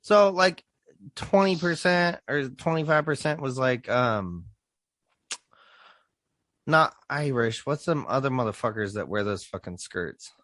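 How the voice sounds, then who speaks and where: Podcast co-host, male, bright voice, profane storyteller, dry close sound. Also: mid-range voice, a little slow, no echo. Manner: profane, animated storytelling with laughs. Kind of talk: casual chat.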